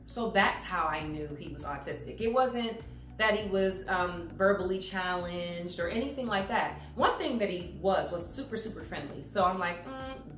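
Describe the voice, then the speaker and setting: Animated woman telling a story, echoey room. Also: fairly low pitch. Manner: animated, acts out voices in her stories. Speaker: public speaker. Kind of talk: storytelling talk to an audience. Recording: echoey room with faint music.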